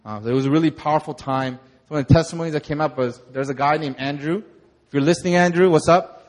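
A young man, a pastor, telling a lively sermon testimony and acting out the moments in his story. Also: on the high side, quick pace. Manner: animated storytelling, acts out shouts.

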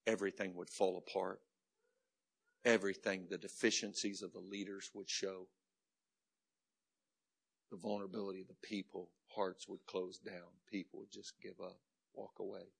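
A middle-aged man preaching a sermon as a pastor, telling a story dramatically and moving between loud and hushed delivery. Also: sits low, little pitch movement, normal speed, creaky, long pauses, slightly rough.

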